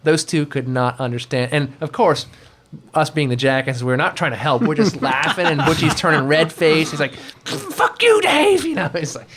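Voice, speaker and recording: A man's voice: on the high side, fairly even intonation, normal speed, crowd noise. Chatty man telling rambling stories. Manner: rambling, laughing anecdotes with mimicked voices. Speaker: guest, environment artist. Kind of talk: casual storytelling chat.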